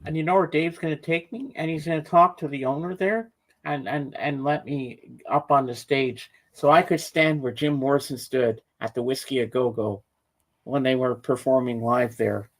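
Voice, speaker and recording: A man's voice: mid-range voice, fairly even intonation, moderate pace, rough recording. A man co-hosting a casual chat, eager and chatty.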